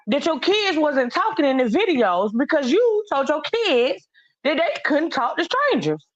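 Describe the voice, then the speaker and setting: A blunt, incredulous woman caller joins the casual chat. Her high voice swoops widely and she speaks slowly. The call line sounds dull and lo-fi. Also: no room sound.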